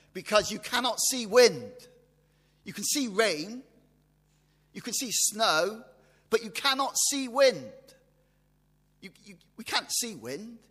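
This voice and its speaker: A man's voice: high voice, sharp tone, slightly rough. Man preaching in a reverberant hall. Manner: rhetorical questions, repeats phrases for emphasis. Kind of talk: sermon.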